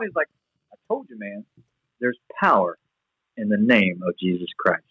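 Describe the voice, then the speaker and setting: Animated rambling man telling a story. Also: mid-range voice, a little fast, long pauses, husky, dry recording, lo-fi sound. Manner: animated, rambling with restarts and fillers. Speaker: guest sharing testimony. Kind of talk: casual storytelling.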